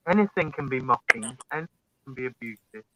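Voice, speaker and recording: A man speaking in a measured, low-key way on a casual live chat. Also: expressive, highs cut off, noisy background.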